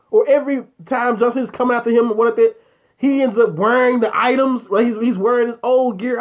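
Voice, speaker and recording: Profane ranting man, high voice. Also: fairly even intonation, a little fast, phone-quality sound. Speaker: show host. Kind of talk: casual chat reacting to viewers.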